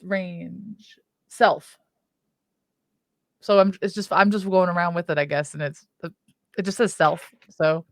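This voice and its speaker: A woman's voice: lowish voice, steady tone, slow, pauses often, no room sound. A woman playing a tabletop game, talking in a hesitant, chatty way. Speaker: player. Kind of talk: casual tabletop play.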